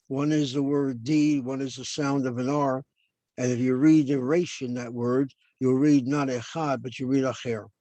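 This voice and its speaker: A man's voice: mid-range voice, darkish tone, no echo. An older man lecturing as a professor over a video call, explaining points and then asking and answering his own questions.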